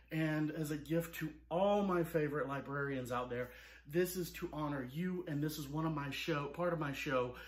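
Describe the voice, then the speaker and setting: A man's voice: high voice, husky. A man performing a children's story, telling it in an exaggerated, melodramatic way with gasps and mock horror and talking straight to young viewers. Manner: animated, jokey, talks straight to young viewers. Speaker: balloon artist and children's performer.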